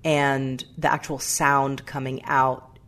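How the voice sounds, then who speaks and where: A woman's voice: extremely low pitch, level tone, slow, a bit bright. A woman guest on a radio interview, talking reflectively and stopping to search for words. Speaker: guest, writer and actor.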